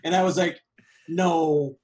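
A man co-hosting a casual movie review chat, animated and laughing, with quick asides. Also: a little high, noisy background. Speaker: podcast co-host.

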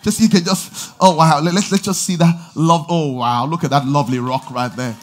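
A man preaching a lively sermon, shouting call-and-response lines and laughing between stories. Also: fairly high pitch, normal speed, faint music behind. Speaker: pastor.

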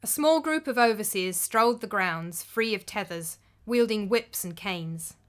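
A woman giving measured, descriptive scripted narration of a story. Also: mid-range voice, expressive.

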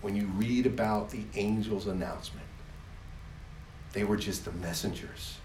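A man's voice: on the low side, normal speed, darkish tone, far from the mic, slight background noise. A man preaching a sermon in an emphatic style, repeating phrases for effect. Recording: roomy echo.

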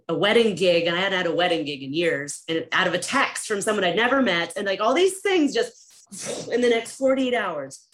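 A woman guest on a podcast, chatting casually and telling a story in an animated, laughing way. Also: mid-range voice. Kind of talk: casual chat.

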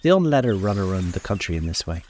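A man voicing a blunt, wealthy young husband in a gruff, curt way. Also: deep voice, sing-song, fast, darkish tone, slight background noise.

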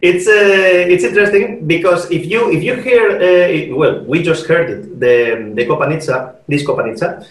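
A man's voice: fairly high pitch, normal speed, recorded from a distance. A man who teaches music, explaining rhythms in a podcast chat with many fillers, counting beats aloud and laughing often. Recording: echoey room, off-mic.

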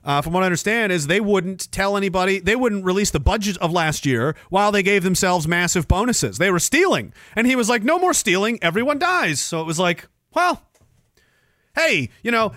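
Man, podcast host, profane sarcastic rant, high voice, bright tense tone. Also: no echo, clean studio sound. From Canada. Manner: sarcastic, profane, loud and animated. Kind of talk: angry ranting monologue.

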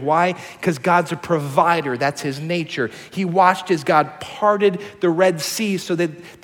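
A man in his thirties preaching a sermon as a pastor, telling stories with lively shifts between hushed and excited delivery. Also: on the high side, big-room sound.

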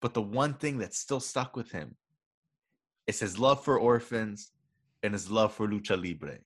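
A man's voice: fairly low pitch, a little slow, breathy edge. A young man co-hosting a podcast, chatting casually and rambling through a made-up story. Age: young adult. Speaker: podcast co-host. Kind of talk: casual chat.

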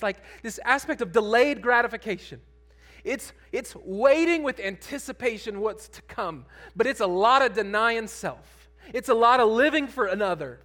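Guy pastor giving a sermon, kinda high voice, talks casual then gets fired up. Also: pushed and bright. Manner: conversational, building to emphatic preaching.

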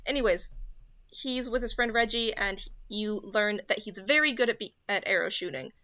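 Bright-voiced woman recapping a film. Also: medium pitch, moderate pace, no room sound, highs cut off. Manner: animated storytelling with filler ums. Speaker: podcast co-host recapping a film. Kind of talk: casual chat.

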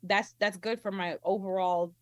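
A woman's voice: medium pitch, fairly even intonation, moderate pace, no room sound. Candid woman guest, dry sound. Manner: candid, laughs easily. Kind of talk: casual interview chat.

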